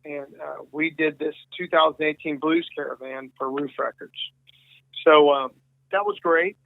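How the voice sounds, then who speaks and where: A man's voice: a little high, fairly even intonation, moderate pace, gravelly, no echo. Chatty man on a tinny phone line. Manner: rambling, many restarts and quoted dialogue. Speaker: guest musician. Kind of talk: casual storytelling interview.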